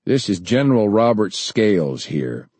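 A man's voice: lowish voice, sing-song, unhurried, a little mellow, husky, no room sound, full character voice. A man reading aloud, voicing a defiant army general who gives blunt, curt commands. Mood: commanding.

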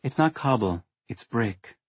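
A man voicing a witty young woman who lectures in a frank, lightly sarcastic way, with a husky tone. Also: mid-range voice, animated, measured pace, no echo. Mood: correcting. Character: witty teasing young woman, blunt and playful.

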